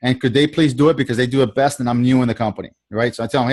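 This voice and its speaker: A man's voice: mid-range voice, steady tone, very fast, hardly any pauses, a little mellow. A man coaching a sales trainee on a video call, talking in a casual, repetitive way and acting out the lines he quotes.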